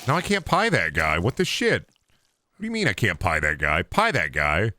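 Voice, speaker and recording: A young man giving loose, joking commentary while he plays a video game, rambling and swinging between loud outbursts and low mutters. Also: wildly swooping pitch, normal speed. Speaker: gaming streamer. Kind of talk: casual gameplay commentary.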